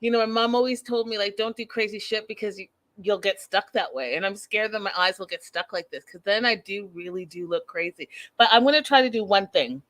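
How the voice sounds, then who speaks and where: A woman's voice: medium pitch, fairly quick, few pauses, a bit bright. A woman hosting an online recap of a reality show, talking casually and chattily with the viewers and laughing at herself.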